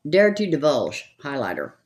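Older woman with a Southern twang, lowish voice, gossipy makeup chatter. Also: wildly swooping pitch, normal speed, darkish tone, a little hiss or hum. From California. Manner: chatty, gossipy, rambling with frequent laughs. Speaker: makeup vlogger. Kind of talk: casual chat while doing makeup.

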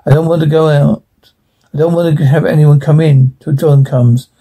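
Gravelly, dark-voiced man reading horror. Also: fairly high pitch, fairly even intonation. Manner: halting, stumbles and restarts words. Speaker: horror story reader. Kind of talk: dramatic first-person horror reading.

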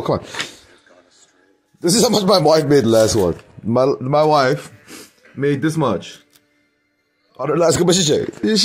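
In a loose, rambling vlog, a man talks excitedly, swears readily, and often bursts out laughing. His husky voice sits high and jumps around in pitch.

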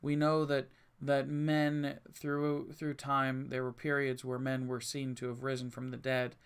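A man's voice: medium pitch, completely flat delivery, a little slow, clear, resonant tone. A male pastor reading Bible verses aloud and explaining them in plain words, earnest and emphatic, often restarting his sentences. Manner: reads scripture aloud, then explains it plainly with frequent restarts.

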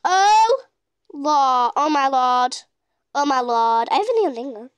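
A woman gaming YouTuber gives casual, excitable gameplay commentary, gushing with exclamations. Her voice sits high and smooth at normal speed, with no room sound.

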